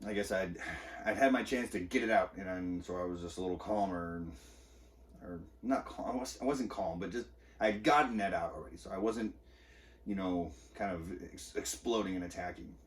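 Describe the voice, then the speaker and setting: A man's voice: low-pitched, brisk, recorded from a distance. A man hosting a podcast, telling a personal story of an argument in a candid, agitated, profane way. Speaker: podcast host. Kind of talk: personal monologue.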